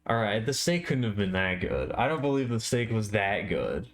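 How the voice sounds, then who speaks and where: A tired man chatting casually on a live art stream, with a slow, drowsy, stoner-like drawl. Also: on the low side, big pitch swings, a little hiss or hum.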